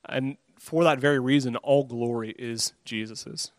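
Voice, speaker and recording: A man's voice: medium pitch, measured pace. A man preaching a sermon, earnest and conversational, acting out his own inner thoughts with a self-deprecating touch.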